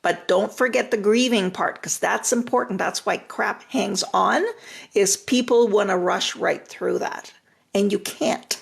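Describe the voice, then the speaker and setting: Unhurried and deeply gravelly, this older woman's husky voice carries relationship advice over a live stream. She's a retired therapist who speaks plainly and comfortingly, leaning on repeated phrases for emphasis.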